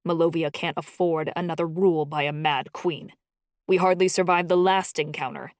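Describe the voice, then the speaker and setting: A woman voicing a booming, playful middle-aged male dragon-shifter uncle who teases and scolds. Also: fairly even intonation, moderate pace, dry recording, studio quality, lightly acted. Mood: scolding. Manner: teasing, scolding.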